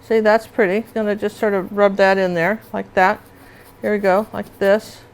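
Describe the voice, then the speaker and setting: A woman's voice: medium pitch, level tone, normal speed, clean tone, rough recording. Chatty woman teaching painting live. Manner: chatty, asks viewers "see that?".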